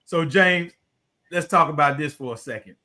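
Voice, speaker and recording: A man from Southwest Atlanta, hosting a podcast in an animated, slangy way and often calling his guest "man". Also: fairly high pitch, normal speed. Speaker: podcast host. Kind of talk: casual interview chat.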